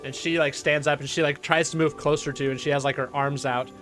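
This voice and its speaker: A man's voice: on the high side, steady tone, fast, a bit bright, soft background music. A man narrating as dungeon master in a tabletop game, casual and full of fillers.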